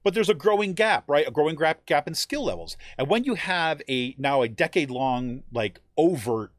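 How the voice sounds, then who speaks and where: His voice is on the high side and moves at a moderate pace, captured with clean studio sound and no room sound. He's a teacher and union member explaining things in a conversational style, with animated quoting and frequent "right?" check-ins.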